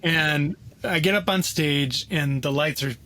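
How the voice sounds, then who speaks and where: A young man telling a story as a podcast guest, animated and casual, filling his talk with "like" and "you know.". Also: fairly high pitch, a little slow.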